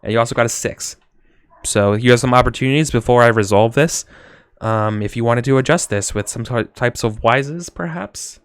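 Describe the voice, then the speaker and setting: A man's voice: medium pitch, clean tone, no room sound. A man running a tabletop game as game master, talking casually with frequent self-corrections. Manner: casual, rambling, quick apologies and self-corrections.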